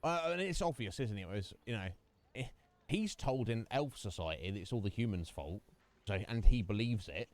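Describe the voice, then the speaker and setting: Animated man streaming a game. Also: on the low side, moderate pace. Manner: animated ranting, mock-quoting voices. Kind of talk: live gameplay commentary.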